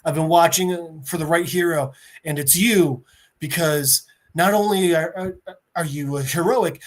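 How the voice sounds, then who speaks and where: A man's voice: on the high side, measured pace, close to an everyday voice. A man voicing a scheming male brain in a jar, a villain rambling through his plan with hesitations. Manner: rambling, explaining, hesitant monologue.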